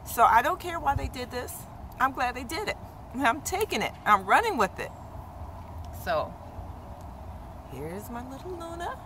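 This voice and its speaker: A woman beauty vlogger in casual chatty talk, checking in with her viewers with "okay?" and getting animated and repetitive when excited. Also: high-pitched, a little slow, long pauses, noisy background. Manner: animated, exclaims and repeats herself when excited; talks straight to her viewers with frequent "okay?". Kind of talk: casual chatty product review.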